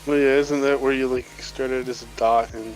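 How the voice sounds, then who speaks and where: A man's voice: mid-range voice, level tone, brisk, faint music behind, low-quality recording. A man in casual chat on a game stream, joking in a dry way. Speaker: stream guest.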